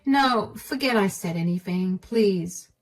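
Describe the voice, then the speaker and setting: A woman voicing an apologetic older mother who speaks gently and pleads to be believed. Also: mid-range voice, lively intonation, takes it slowly, far from the mic, rough recording. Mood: upset, pleading.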